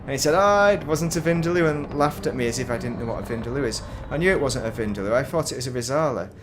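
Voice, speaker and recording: A man's voice: mid-range voice, rapid-fire, noisy background. Chatty man streaming a game. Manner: rambling, self-interrupting, chatty. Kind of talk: casual gameplay commentary.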